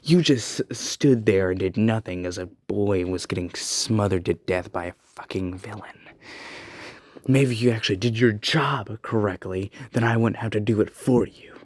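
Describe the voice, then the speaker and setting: A man's voice: fairly low pitch, moderate pace, no echo, close to an everyday voice. Angry teen boy hero, defiant and cutting, as a man puts him on in a story. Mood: indignant. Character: angry teenage boy hero telling off a pro.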